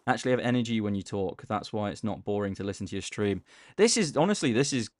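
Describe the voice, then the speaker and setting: Low-key man streaming. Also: expressive, fast, a little mellow, no echo. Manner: stumbles over words while playing. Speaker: gaming streamer. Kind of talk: casual live-stream chat, reading chat aloud.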